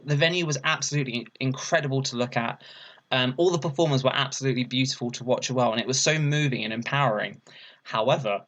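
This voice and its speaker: A young man, a burlesque performer, chatting casually as a podcast guest and telling a story, laughing often and acting out quotes in a higher voice. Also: sharp tone.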